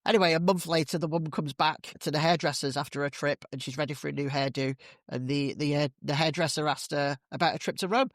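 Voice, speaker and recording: A man hosting a podcast in casual solo chat, slightly hoarse, chatty and rambling. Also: fairly high pitch, steady tone, quick pace, fairly bright tone, no echo, clean studio sound. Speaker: podcast host.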